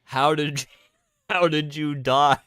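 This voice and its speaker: A man's voice: a little high, steady tone, slow pace, fairly bright tone, clean tone, no room sound, clean studio sound. A man streaming a game, chatting casually, joking, swearing and laughing. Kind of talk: casual gaming stream chat.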